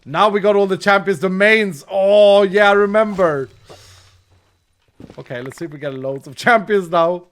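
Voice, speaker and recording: Guy streaming a game, kinda high voice, rambles and laughs a lot. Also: moderate pace. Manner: chatty, rambling, laughs often. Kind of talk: casual gaming commentary.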